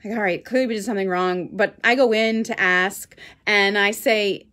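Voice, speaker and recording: A woman Pilates instructor telling a chatty, animated story while her class holds a plank. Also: mid-range voice, normal speed, hardly any pauses.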